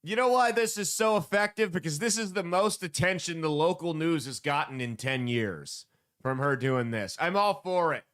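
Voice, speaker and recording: A joking man hosts a casual comedy podcast in a slightly high voice. He talks loosely and sometimes jumps into loud bursts while reading his ad spots. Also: expressive, moderate pace, clean tone. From United States. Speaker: podcast host.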